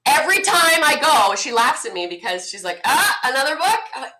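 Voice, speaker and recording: A bubbly, enthusiastic woman chats as an interview guest in her morning voice. Her tone is bright and forward. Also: fairly high pitch, very animated, a little fast. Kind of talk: casual interview chat. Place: home.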